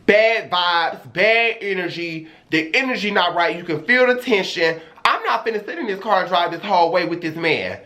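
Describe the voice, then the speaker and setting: Young male streamer, high voice, sassy and dramatic storyteller for a vlog. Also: animated, normal speed, hardly any pauses, pushed and bright.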